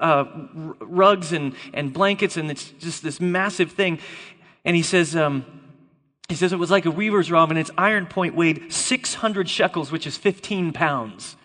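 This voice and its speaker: A man preaching a lively sermon to a congregation, playful and emphatic, joking with volunteers. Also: fairly high pitch. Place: church hall before a congregation. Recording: long reverb of a large hall.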